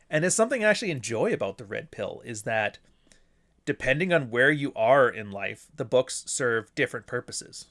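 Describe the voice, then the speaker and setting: A man's voice: mid-range voice, expressive, normal speed, a bit bright. A man hosting a podcast alone, rambling casually and swearing, with mocking asides. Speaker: podcast host. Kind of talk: casual solo monologue.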